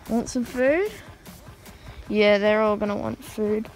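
A woman's voice: mid-range voice, slow, pauses often, faint music behind, low-quality recording. A woman vlogging outdoors on a farm, filming with a handheld phone and rambling casually with lots of ums. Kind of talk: casual vlog narration. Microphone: handheld phone camera.

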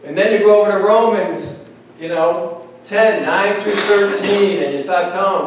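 A man preaching a sermon as pastor, talking in a conversational, animated way and acting out little dialogues. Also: high voice, normal speed. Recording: echoey hall, speaker far from mic.

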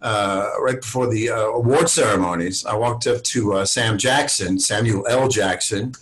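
A man's voice: fairly low pitch, moderate pace, a bit bright, a little hiss or hum, rough recording. Older guy actor spinning salty stories, cusses a lot, acts out other people's lines, sounds like a video call. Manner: swears freely, acts out other people's lines in raised voices. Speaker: actor guest. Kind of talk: casual storytelling interview.

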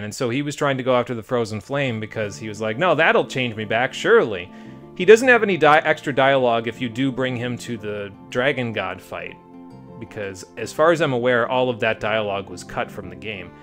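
A man's voice: mid-range voice, fairly bright tone. An American man streaming a game live, talking casually with sarcastic, profane, rambling asides. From United States. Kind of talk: live let's play commentary.

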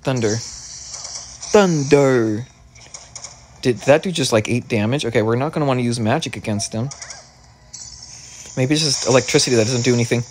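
A man giving excitable let's play commentary, stammering over his words and swearing often, with faint game music behind him. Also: mid-range voice, fast talker, a little hiss or hum. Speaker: gaming video creator.

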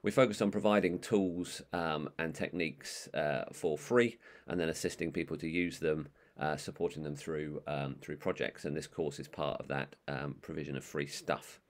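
A man giving an online training course, talking in a monotone with many ums and uhs. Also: deep voice. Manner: monotone, calls his own voice that. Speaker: management trainer.

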